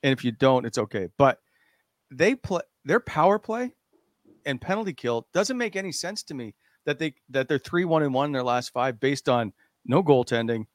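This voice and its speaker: A man's voice: mid-range voice, lively intonation, normal speed, no echo. A man hosting a hockey podcast in casual chat, earnest and hesitant, often stopping to correct himself. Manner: hesitant, lots of uh and restarts, earnest. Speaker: podcast host.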